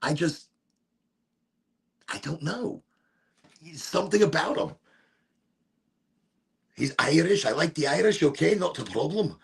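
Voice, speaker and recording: A man's voice: on the high side, animated, unhurried, gravelly, long pauses, slightly rough. A man hosting a live stream, rambling and swearing in a laid-back chat. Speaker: livestream host.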